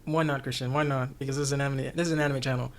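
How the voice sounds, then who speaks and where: Man, recurring guest, casual anime chat, animated, jokey, laughs a lot. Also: mid-range voice, rapid-fire.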